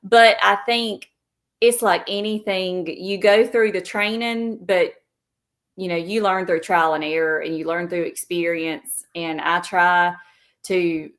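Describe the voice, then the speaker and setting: A woman's voice: lowish voice, steady tone, a little slow, a bit bright. A woman with a Southern US accent, a travel agent guest in a casual interview, speaking modestly and plainly and drifting into tangents.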